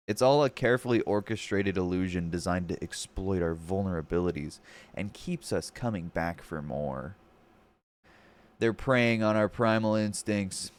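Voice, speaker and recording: A man streaming casual reaction commentary, mocking and swearing freely, laughing often between remarks. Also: deep voice.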